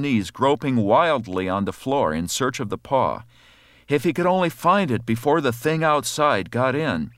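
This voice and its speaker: A man narrating a horror story aloud in a measured, dramatic way. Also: medium pitch, expressive, fairly bright tone, dry recording, studio quality.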